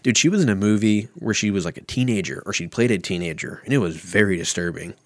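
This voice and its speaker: Rambling, profane and self-mocking, this thirtysomething solo podcaster speaks from home in a lowish, animated voice and talks fast. The sound is close-miked and completely dry.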